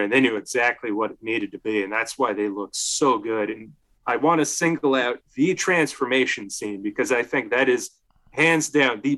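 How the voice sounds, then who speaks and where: A man's voice: mid-range voice, bright, forceful tone. A man casually talking about movies on a podcast, leaning on "like" as he tells the story and acting out what people said. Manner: chatty storyteller, leans on "like", acts out quotes. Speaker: podcast co-host. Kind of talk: casual film discussion.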